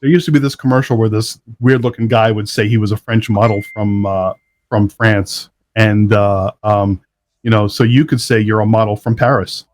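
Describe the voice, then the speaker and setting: A man's voice: on the low side, fairly even intonation, normal speed. A middle-aged man hosting a live internet talk show in a casual, upbeat, chatty way. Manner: upbeat, chatty, laughs often. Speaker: show host.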